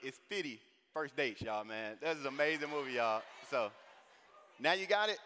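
A man from St. Louis with a St. Louis accent, speaking animatedly to a conference audience and calling them y'all. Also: fairly high pitch. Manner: animated, drawls and stretches sounds, addresses the crowd as y'all. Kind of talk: lively talk to a large audience. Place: large conference hall. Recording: long hall reverb, faint noise.

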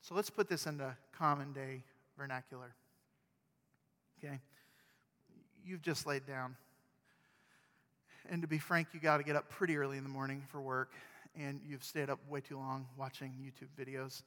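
A male pastor preaching a sermon in a conversational, animated storytelling manner. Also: medium pitch, moderate pace, pauses often, long reverb tail.

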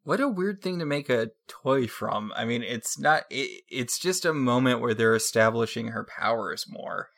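A man co-hosting a casual podcast chat, deadpan and rambling through jokes. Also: mid-range voice, moderate pace, creaky, few pauses. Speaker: podcast co-host.

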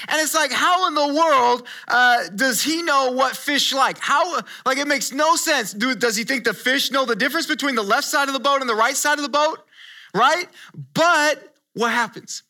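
High, bright-voiced male pastor preaching. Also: moderate pace. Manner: conversational, animated storytelling with many restarts. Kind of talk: sermon.

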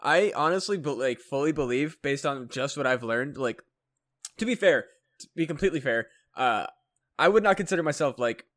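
Rambling, halting comedian co-host. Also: male voice, mid-range voice, expressive, fairly bright tone, no echo, studio quality. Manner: rambling, halting, full of fillers and swearing. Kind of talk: casual chat.

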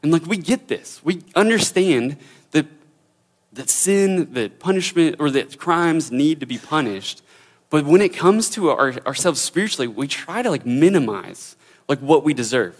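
A man's voice: a little high, lively intonation, normal speed. A young man teaching a Bible passage in a casual, informal way, full of fillers and restarts.

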